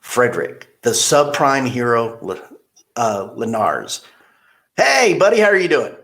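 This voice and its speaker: A man's voice: mid-range voice, big pitch swings, a little slow, fairly bright tone. A man hosting a podcast, chatting casually and telling rambling, blunt stories. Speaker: podcast host. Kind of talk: casual interview chat.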